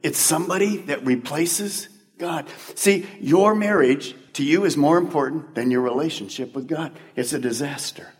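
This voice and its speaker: Speaking at a normal speed with few pauses, a man with a voice on the high side delivers a sermon. He's a pastor addressing his congregation in a big sanctuary, emphatic yet conversational, leaning on rhetorical questions, with long church-hall reverb on the recording.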